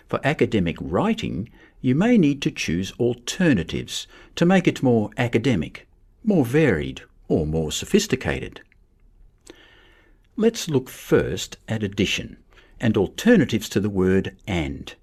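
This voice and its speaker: A man with a husky, breathy voice narrates a grammar lesson in a measured, explanatory way. His pitch sits fairly low and swings widely across each phrase. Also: huge pitch swings, a little mellow. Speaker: teacher. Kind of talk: scripted instructional narration.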